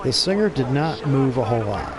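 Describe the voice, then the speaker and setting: A man's voice: mid-range voice, big pitch swings, fairly quick, noisy background. A man giving casual gameplay commentary for his channel, rambling and profane, often chuckling. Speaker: gaming channel host.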